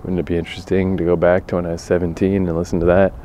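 A man's voice: low-pitched, little pitch movement, very fast, dark tone, slight background noise. A tired man hosting his own podcast, rambling on his own, self-deprecating and swearing often. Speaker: podcast host. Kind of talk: rambling solo monologue.

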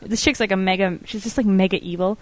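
A woman's voice: mid-range voice, fairly even intonation, quick pace, dry recording. A young woman co-hosting a casual chat, blunt and giggly as she tells stories. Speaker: podcast co-host.

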